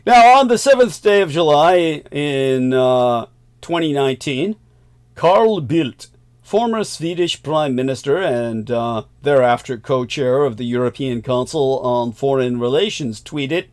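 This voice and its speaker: A man's voice: mid-range voice, animated, unhurried. A male host delivering a long current-affairs monologue, emphatic, with sardonic asides and chuckles.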